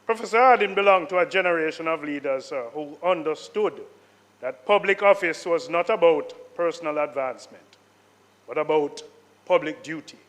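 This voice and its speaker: Man, Jamaican accent, slightly high voice, solemn senate tribute, stately. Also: moderate pace, fairly bright tone. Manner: solemn, stately listing of honours. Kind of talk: formal parliamentary tribute. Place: senate chamber.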